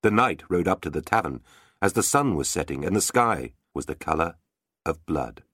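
A man narrates a storybook in a very low voice, full of playful expression. His pitch ranges widely as he shapes each line. The recording is dry and close. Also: animated, normal speed, fairly bright tone, dry recording. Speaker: audiobook narrator.

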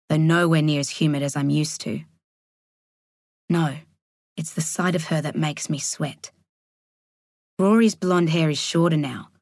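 Woman narrator, deep register, deliberate audiobook delivery. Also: no room sound, clean studio sound. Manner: measured, slowing on tense moments.

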